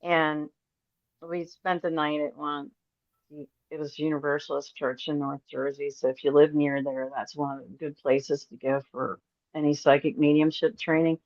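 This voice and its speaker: Rambling, animated woman telling stories. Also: sits low, moderate pace, dry recording. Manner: rambling, animated, acts out quoted voices. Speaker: podcast guest. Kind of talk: casual storytelling interview. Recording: dry, slightly dull audio.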